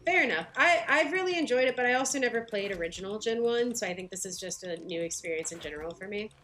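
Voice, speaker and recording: A woman's voice: mid-range voice, lively intonation, fast talker, a bit bright, slight background noise. A woman with a light Southern US accent streaming a game, chatting casually with viewers and laughing often. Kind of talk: casual livestream chat while playing.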